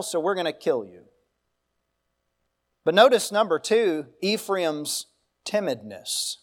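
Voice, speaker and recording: Pastor, male, higher voice, church sermon with homespun asides. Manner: preaching with folksy asides and storytelling.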